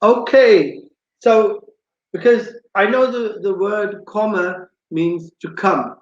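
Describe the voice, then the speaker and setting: A man's voice: high voice, takes it slowly, echoey room, lo-fi sound. A man hosting a live chat show, chatty and teasing, who says "excellent" a lot. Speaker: host. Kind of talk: live radio-style chat.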